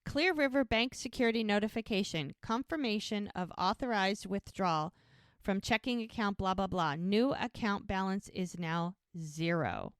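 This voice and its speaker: A woman co-hosting a podcast, walking through a TV episode beat by beat. She acts out every exchange with "he's like" and "she goes". Her voice sits at a middle pitch and is recorded dry and close, with no room sound. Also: moderate pace, no echo. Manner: animated retelling, quoting characters with "he's like". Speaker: podcast co-host recapping a TV episode. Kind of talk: casual storytelling recap.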